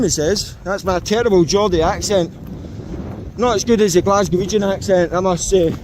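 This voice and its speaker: A man's voice: sits high, moderate pace, a little mellow, slight background noise. Mocking British man filming outdoors. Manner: mocking, indignant, talks to camera. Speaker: auditor filming police. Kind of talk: casual vlog commentary to viewers. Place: outdoors on a street.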